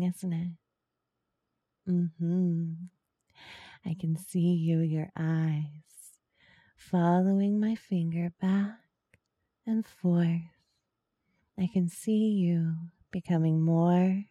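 A woman in whispered role-play, speaking softly and coaxingly, with teasing murmurs close to the microphone. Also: on the low side, steady tone, no echo. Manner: soft, slow, coaxing and teasing, with breathy murmurs. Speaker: ASMR role-play performer.

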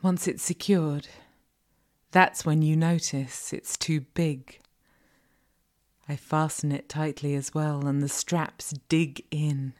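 In a low, steady voice, a woman slowly narrates a second-person erotic audio role-play. She is teasing and commanding, sometimes dropping to a whisper.

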